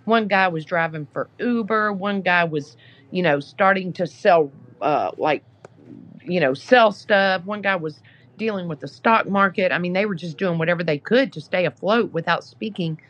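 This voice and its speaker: As a guest on a podcast, this app founder chats casually through a story, leaning on lots of "you know" fillers. She speaks at normal speed in a lowish, fairly bright voice, though the audio is dull.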